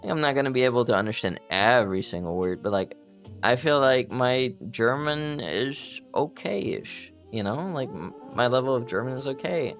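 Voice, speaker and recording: A young man casually chatting with viewers on a live stream, playful and quick to laugh as he greets people. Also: mid-range voice, expressive, faint music behind.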